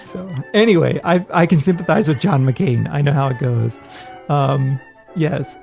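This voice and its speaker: A man's voice: fairly high pitch, a little slow, creaky, darkish tone, soft background music. A man co-hosting a podcast in casual chat, joking and rambling with self-deprecating asides. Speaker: podcast co-host.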